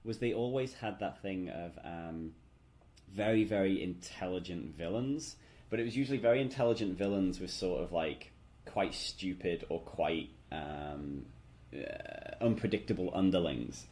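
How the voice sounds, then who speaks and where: A man's voice: low-pitched, unhurried, a little mellow. A man talking as a podcast guest in a casual chat, hesitant with many fillers and restarts. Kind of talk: casual conversation.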